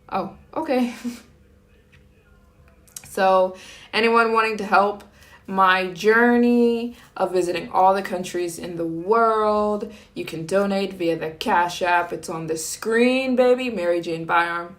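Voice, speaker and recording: Slow-talking American woman live streaming. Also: mid-range voice. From United States. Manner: chatty, talks directly to viewers, greets and thanks chat. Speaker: travel vlogger live streaming. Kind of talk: casual live stream chat.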